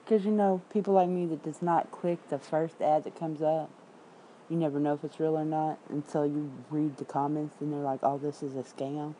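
A low, very dark and mellow-voiced woman from Memphis speaks with a Southern accent. She chats loosely and bluntly to her viewers, tossing in curses and quick asides between the headlines she reads out. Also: fairly even intonation, a little hiss or hum, rough recording. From Memphis, Tennessee. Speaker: independent writer streaming to viewers. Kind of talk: casual livestream chat.

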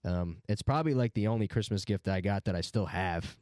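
A man's voice: fairly low pitch, a little fast, a little mellow, no room sound, studio quality. A man in his twenties, co-hosting a podcast, telling a loose, profane story full of filler words. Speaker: podcast co-host. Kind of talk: casual chat.

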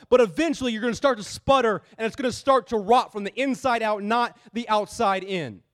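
A male pastor preaching a sermon in a conversational way, repeating key phrases for emphasis. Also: high-pitched.

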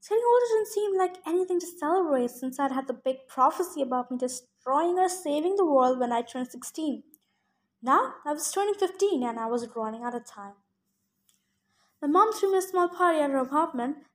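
A woman reading a novel chapter aloud in first person, steady with occasional slips. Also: high voice, normal speed. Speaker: audiobook reader.

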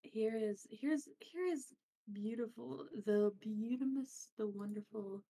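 Woman co-host, warm mellow voice, slow, halting and giggly. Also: on the high side. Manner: describes pictures, halting and giggly. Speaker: podcast co-host. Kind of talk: casual chat.

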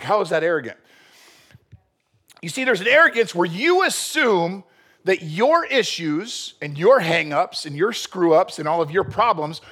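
A man preaching a sermon. His pitch is high and swings widely, and the tone is husky. He talks energetically and acts out quotes. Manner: animated, acts out quotes, rhetorical questions. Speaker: pastor.

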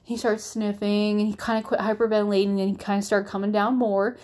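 A woman's voice: medium pitch, little pitch movement, fairly quick, darkish tone. A young woman, a mother, chatting candidly to camera, with lots of fillers and restarts. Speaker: mother vlogger. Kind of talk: casual chat to camera.

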